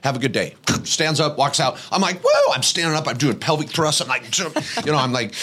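A middle-aged man hosting a podcast, telling an anecdote in a lively way and acting out the people in it. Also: mid-range voice, fairly quick, breathy edge. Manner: lively, acts out voices in anecdotes. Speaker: podcast host. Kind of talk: animated storytelling chat.

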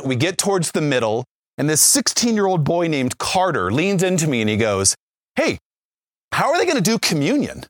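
A man in his forties tells a faith story to listeners, his fairly high voice rising and dipping with lively energy. He acts out the lines of the people in his tale and keeps checking in with "right?". The sound is close and dry, with no room around it. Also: moderate pace, no echo. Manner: animated storyteller, acts out quotes, frequent "right?". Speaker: Catholic speaker, former youth minister.

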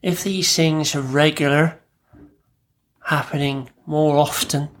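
A man, a therapist, talking calmly and reflectively on his own podcast in short, measured phrases. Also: on the high side. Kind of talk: solo podcast talk.

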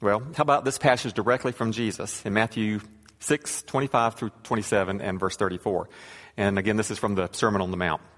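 A man's voice: on the low side, steady tone, fairly quick, a bit bright. Man preaching in a reverberant hall. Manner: conversational, wry, reads scripture aloud. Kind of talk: sermon.

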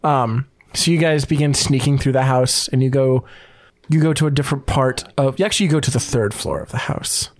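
A man's voice: mid-range voice, fairly quick, no room sound. A young man narrating as game master of a tabletop game, rambling and laughing often.

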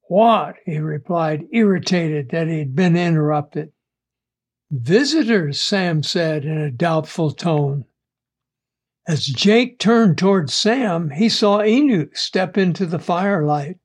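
Brief: male audiobook narrator, high voice, very unhurried. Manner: slow, measured first-person storytelling. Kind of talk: audiobook story reading.

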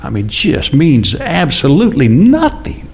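A man in his sixties preaching a conversational sermon, often asking the congregation questions and acting out quoted speakers in louder, higher bursts. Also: wildly swooping pitch, a little slow. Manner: chatty, asks the congregation questions, acts out God and James. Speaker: pastor.

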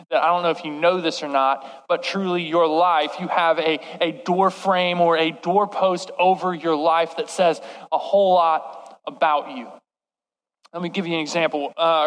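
Animated high-voiced young preacher. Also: male voice. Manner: animated, self-deprecating, acts out quoted voices. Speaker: youth preacher. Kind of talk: storytelling sermon. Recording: long reverb in a large hall.

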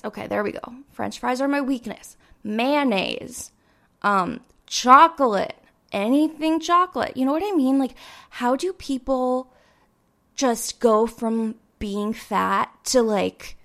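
A woman's voice: fairly high pitch, fairly bright tone. A woman in her twenties hosting a podcast, chatting casually and animatedly to listeners in a solo monologue full of fillers. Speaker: podcast host. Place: indoors with sirens outside.

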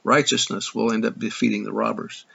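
A man teaching from scripture reads the verses aloud and breaks off for dry comments, stumbling now and then. His voice is gravelly and a little husky. The recording is muffled and lo-fi. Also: on the low side, little pitch movement, brisk, pushed and bright. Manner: dry asides, occasional stumbles. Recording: dull lo-fi recording.

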